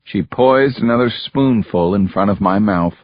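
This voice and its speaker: A man narrating an audiobook in the first person, measured and grave. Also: on the low side, dry recording. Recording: dull, muffled dry recording.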